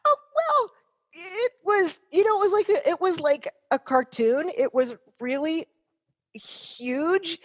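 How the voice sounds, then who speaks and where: A woman's voice: very high-pitched, animated, takes it slowly. A woman in her fifties, a guest telling rambling, profane, self-mocking stories in casual chat.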